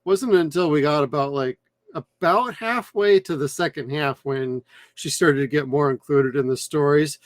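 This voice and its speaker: A man's voice: fairly high pitch, normal speed, no room sound. A man co-hosting a podcast, chatting casually and enthusiastically, rambling a little as he reviews a cartoon series. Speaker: podcast co-host. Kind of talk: casual chat.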